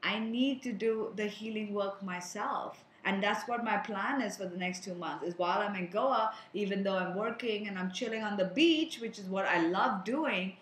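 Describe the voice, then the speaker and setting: A woman's voice: medium pitch, moderate pace, hardly any pauses, a bit bright, reverberant, a little hiss or hum, low-quality recording. A woman giving an earnest spiritual energy reading, advising the viewers directly as she talks to them. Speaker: energy reader and healer.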